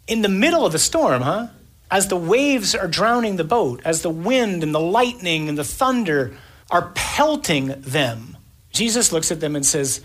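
Male preacher, husky and breathy, dramatic evening sermon with punchy lists. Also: fairly high pitch, animated, normal speed, a bit bright. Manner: dramatic, emphatic lists, acts out the scene.

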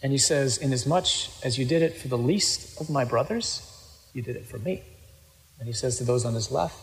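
A man's voice: mid-range voice, fairly quick. A male preacher delivering a sermon in a mid-range voice, quoting scripture and then commenting on it with sudden bursts of emphasis. His voice carries a long reverb, as if recorded in a large hall. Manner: lively, quoting scripture with sudden loud asides. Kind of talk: sermon reading and explaining scripture.

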